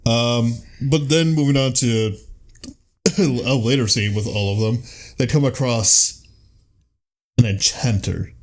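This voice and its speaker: A man co-hosting a podcast, talking through a favorite comedy film in casual chat. He narrates at an ordinary pitch and keeps lurching into squeaky put-on voices for the characters. He is from the US Midwest. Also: slow, long pauses. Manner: animated retelling, jumps into high silly quoted voices. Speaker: podcast co-host.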